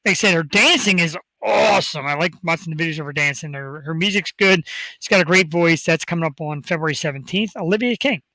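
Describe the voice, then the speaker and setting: A male talk show host hyping up upcoming guests in a rambling, excitable way. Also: on the high side, fast, no echo, low-quality recording. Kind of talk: casual talk show chat.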